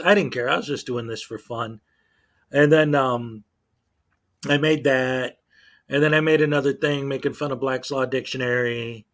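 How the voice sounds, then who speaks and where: A man talks loosely to his channel's viewers, looping back on himself with frequent fillers. His voice sits in an ordinary middle pitch, relaxed and conversational. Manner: rambling, many fillers and restarts. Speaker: YouTube channel host. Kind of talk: casual livestream chat.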